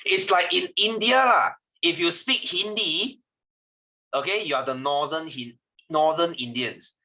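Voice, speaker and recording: A chatty young man with a Malaysian English accent tutors science casually, wandering off-topic and laughing often. His voice is bright and forceful, caught on slightly dull, lo-fi audio. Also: a little high, a little slow. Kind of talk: casual online lesson.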